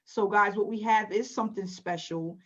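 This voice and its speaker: A woman's voice: medium pitch, normal speed, fairly bright tone. A woman hosting an online webinar, upbeat and encouraging with her audience. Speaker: webinar host. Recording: dull lo-fi webinar audio.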